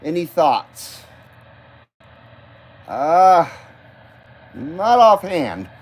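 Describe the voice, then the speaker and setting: Rambling, cussing radio hobby host, high voice. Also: male voice, big pitch swings, extremely slow. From Nevada, US. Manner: loose, profane, chatty, greets viewers by name. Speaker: live stream host. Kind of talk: casual rambling live-stream chat.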